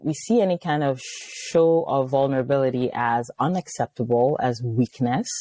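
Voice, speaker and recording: Middle-aged woman from Nigeria, interview guest, low and mellow, very expressive delivery. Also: no room sound. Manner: animated, storytelling, acts out quoted voices. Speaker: psychiatrist guest. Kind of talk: conversational interview.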